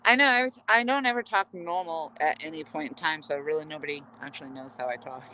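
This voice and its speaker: Woman from New England, bright crisp voice, chatty and playful, casual outdoor vlog. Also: low voice, quick pace, a little hiss or hum. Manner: playful, chatty, laughs often. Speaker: vlogger. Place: outdoors at a riverside fishing landing.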